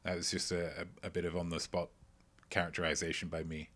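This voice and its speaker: A man hosting a casual livestream quiz, playful and self-mocking, chatting between loud remarks and mumbled asides. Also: low-pitched, flat delivery, fairly quick. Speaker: quiz show host.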